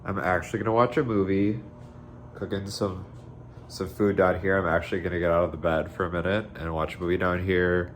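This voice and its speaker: A man's voice: low-pitched, fairly even intonation, a little fast, a little hiss or hum. A young man talking casually to camera at home, rambling with lots of fillers. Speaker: vlogger. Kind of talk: casual vlog talk to camera. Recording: background music, voice a bit distant. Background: soft background music.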